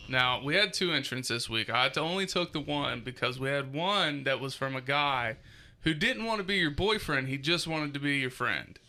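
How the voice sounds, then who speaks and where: A man's voice: medium pitch, normal speed, bright, forceful tone. A man hosting a casual comedy podcast, joking loosely and laughing often as he reads out entries. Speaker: podcast host.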